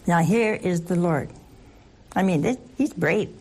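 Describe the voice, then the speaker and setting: A woman leading a Catholic Bible study, teaching in an animated, playful way and asking her listeners questions. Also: lowish voice, a little slow, breathy edge. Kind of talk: lively scripture teaching to a group.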